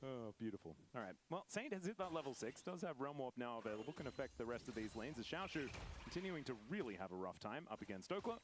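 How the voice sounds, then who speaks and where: A man casting esports play-by-play, calling the action quickly and energetically. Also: medium pitch, background noise. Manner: fast, energetic calls with sponsor reads. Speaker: play-by-play caster.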